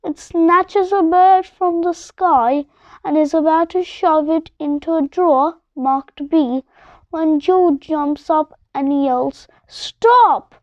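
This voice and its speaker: High-voiced woman reading a story slowly. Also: fairly even intonation, a little mellow, no room sound, muffled recording. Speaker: storybook reader. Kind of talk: read-aloud narration.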